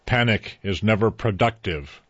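A man voicing an alien announcer who speaks with a calm, booming authority. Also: measured pace, lo-fi sound. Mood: commanding.

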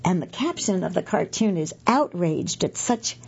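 A woman's voice: lowish voice, animated, normal speed, gravelly, a little mellow, husky, muffled recording. A middle-aged woman reading magazine pieces aloud for a podcast, chatty and correcting herself with asides.

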